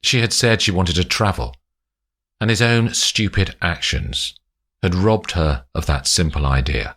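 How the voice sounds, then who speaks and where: Slow, low-voiced male narrator. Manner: slow, expressive storytelling. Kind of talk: audiobook narration.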